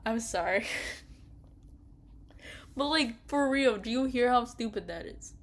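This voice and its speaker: A woman's voice: a little high, animated, a little slow, long pauses. A young woman giving casual reaction commentary on a story, exasperated and ranting with frequent laughter. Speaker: streamer reading an interactive story.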